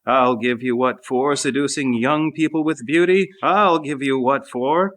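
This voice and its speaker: A man's voice: mid-range voice, unhurried, a bit bright, natural voice. A man reading as a stern old holy-fool monk. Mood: scolding. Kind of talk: reading a saint's life aloud. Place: monastery refectory.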